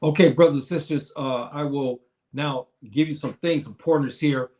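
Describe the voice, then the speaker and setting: A man's voice: on the high side, steady tone, moderate pace, darkish tone. Emphatic older man lecturing. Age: 70s. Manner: emphatic, repetitive, addresses listeners as brothers and sisters. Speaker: teacher of a class. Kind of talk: lecture to a community. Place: Morocco.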